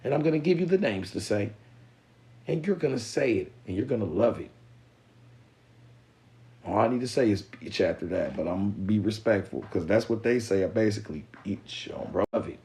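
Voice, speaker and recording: A man from the Mississippi Delta, giving a profane, animated live-stream lecture to his viewers. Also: mid-range voice, brisk, vocal fry, low-quality recording. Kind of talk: casual live-stream monologue.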